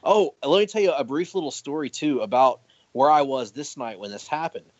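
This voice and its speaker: A man telling stories in a casual podcast chat, his voice rising and falling in an animated way, with a laugh never far off. His sentences often restart as he goes. The audio is dry and a little muffled. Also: on the high side, a little fast, dry recording. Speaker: podcast guest.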